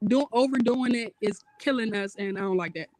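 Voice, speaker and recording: A woman's voice: fairly high pitch, brisk, a little mellow, no echo, low-quality recording. Exasperated woman venting about football. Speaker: guest fan. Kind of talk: casual sports chat.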